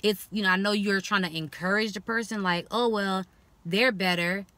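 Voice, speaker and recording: A young woman talks straight to the camera in a casual vlog, blunt and frank. Her voice is bright and carries well, and she acts out other people's remarks in lively, mocking tones. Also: medium pitch, moderate pace, no room sound. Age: young adult. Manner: animated, expressive, quoting others in mocking voices. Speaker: vlogger.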